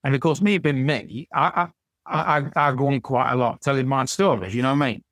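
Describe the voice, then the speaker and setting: A man's voice: mid-range voice, fairly quick, fairly bright tone, no room sound. A man, a podcast guest telling rambling anecdotes with frequent stammered restarts. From England. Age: 60s. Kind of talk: casual storytelling chat.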